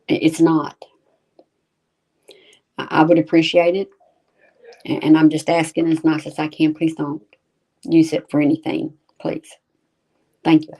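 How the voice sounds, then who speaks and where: A woman's voice: low voice, mellow, breathy edge, low-quality recording. A woman on a livestream earnestly and politely asking people to stop doing something.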